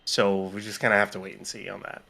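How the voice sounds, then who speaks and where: Guy with a bright sharp voice casually explaining rocket hardware on a stream, lots of ums. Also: fairly low pitch, flat delivery, fast talker, gravelly, husky. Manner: explanatory, casual, with fillers and restarts. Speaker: co-host answering questions. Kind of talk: technical explanation on a live stream.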